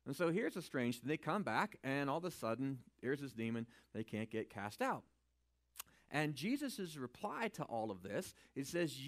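A man giving a conversational Bible teaching, animated and informal, swinging from quiet asides to loud emphasis and often checking in with "right?". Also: medium pitch, moderate pace.

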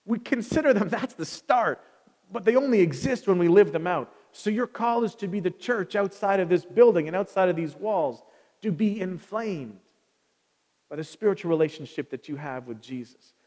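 In a church sanctuary, a man preaches with a high, slightly mellow, expressive voice at a moderate pace. He keeps his sermon conversational and asks the congregation questions, with a long reverb from the large hall.

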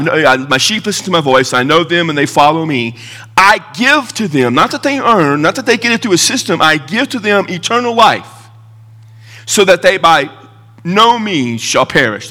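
A man's voice: a little high, sharp tone. A male pastor preaching a sermon, emphatic and argumentative, with rhetorical questions. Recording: long hall reverb.

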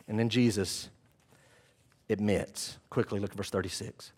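A man preaching a sermon in an animated, conversational way, retelling scenes dramatically. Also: on the low side, measured pace, long pauses, slightly rough.

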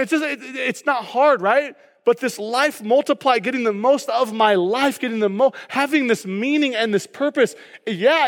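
Brief: high-pitched male pastor, chatty humorous sermon delivery, big reverberant church hall. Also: fairly bright tone. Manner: casual, joking preaching with frequent "okay?" asides.

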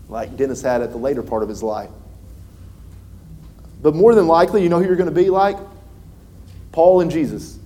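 Guy pastor preaching, kinda high voice, keeps asking "right?", gets louder on the big points. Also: slight background noise. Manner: preaching with rising emphasis and frequent "right?" asides. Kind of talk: sermon.

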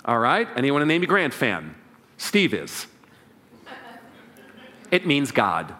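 A man's voice: mid-range voice, huge pitch swings, slow, sharp tone. A man preaching a sermon as pastor, leading the congregation in call and response. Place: church sanctuary.

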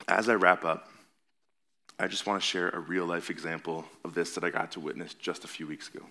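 Pastor, male, very low voice, earnest conversational sermon delivery in a church. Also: sharp tone. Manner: earnest, conversational preaching with rising emphasis. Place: church sanctuary.

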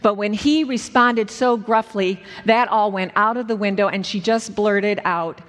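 A woman preacher telling a story in a sermon, earnest and slowing down at dramatic moments. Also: medium pitch. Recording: echoey hall with long reverb.

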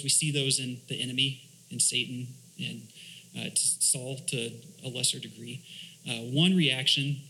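A man's voice: medium pitch, bright, forceful tone, rough recording. A young man serving as a church elder, giving an informal, conversational sermon with many fillers and restarts.

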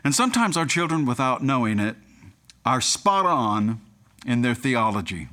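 A male pastor preaches a sermon in a medium-pitched voice that rises and falls with lively emphasis. He moves easily into humorous storytelling and chuckles at his own anecdotes. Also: normal speed.

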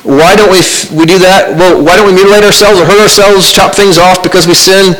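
A man preaching a sermon as pastor, earnest and conversational, with pauses and restarts. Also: sits high, steady tone, a bit bright, slight background noise, poor audio.

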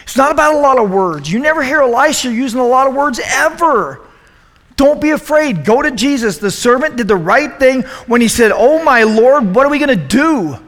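Youth pastor, man, high voice, animated and joking, preaching in an echoey hall. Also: fairly quick. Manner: animated, joking, asks the room questions. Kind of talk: youth group sermon.

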